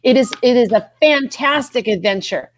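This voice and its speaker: Here the voice is fairly high and animated, moving at normal speed. The woman tells a podcast audience her personal faith testimony with heartfelt earnestness, repeating herself as feeling lifts her voice higher.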